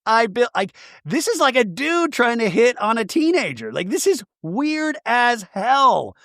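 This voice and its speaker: A man hosting a podcast, giving a comedic TV recap in an animated, giggly way and acting out quotes in funny voices. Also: extremely high pitch, a little slow, no echo, studio quality. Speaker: podcast host.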